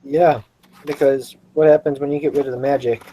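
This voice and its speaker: A man's voice: medium pitch, fairly even intonation, brisk, dark tone, a little hiss or hum. A man playing in a tabletop game, talking in a practical, insistent way. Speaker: player. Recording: dull lo-fi mic.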